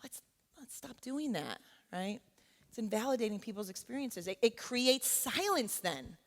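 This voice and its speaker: A woman with a slightly high, very animated voice speaks at a moderate pace. A college teacher, she delivers an earnest church talk in a conversational style, repeatedly checking in with listeners, and the sanctuary adds a long hall reverb.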